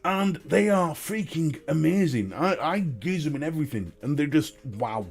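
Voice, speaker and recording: A man's voice: fairly high pitch, animated, moderate pace, gravelly, soft background music. A man with a Northern English accent hosting a casual live stream, chatting and greeting viewers and laughing often. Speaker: live-stream host and vape reviewer.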